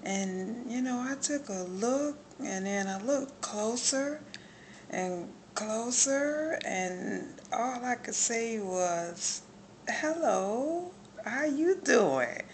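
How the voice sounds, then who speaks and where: A woman's voice: a little high, animated, slow, slight background noise. A woman giving a spoken religious testimony and prayer on a phone, fervent and repeating words of praise. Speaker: believer sharing a testimony.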